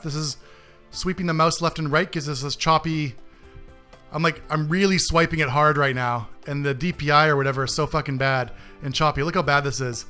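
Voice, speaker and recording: A man's voice: on the high side, steady tone, brisk, bright, forceful tone, soft background music. A man hosting a game review, giving sarcastic, ranting commentary full of swearing as he plays. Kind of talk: profane gameplay commentary.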